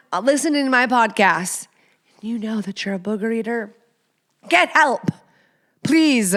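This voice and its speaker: A woman in her thirties hosting a podcast, ranting in an animated, profane, exaggerated tone of disgust. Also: on the high side. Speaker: podcast host. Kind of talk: casual comedic rant.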